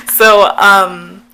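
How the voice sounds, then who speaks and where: A young woman chats through a personal story for her vlog, giggling often and padding her sentences with fillers. Her voice is bright, and a faint hum sits under the recording. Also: medium pitch, poor audio. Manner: chatty, giggly, lots of fillers. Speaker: YouTuber.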